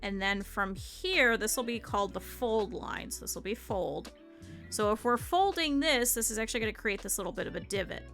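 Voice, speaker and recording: Bright-voiced young woman streamer. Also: mid-range voice, lively intonation, normal speed, soft background music. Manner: thinking aloud, addressing chat. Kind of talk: casual live-stream chat while crafting.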